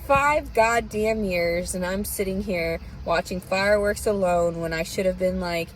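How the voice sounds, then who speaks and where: A woman's voice: mid-range voice, measured pace, soft background music, low-quality recording. A woman with a Southern US accent ranting bitterly and profanely in a rambling, unscripted monologue. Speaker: vlogger. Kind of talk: unscripted personal rant.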